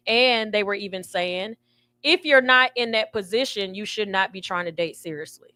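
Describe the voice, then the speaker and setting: A woman's voice: medium pitch, normal speed, pushed and bright, dry recording. A woman hosting a radio talk show, chatty and emotional, laughing often. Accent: Southern US. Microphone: studio microphone.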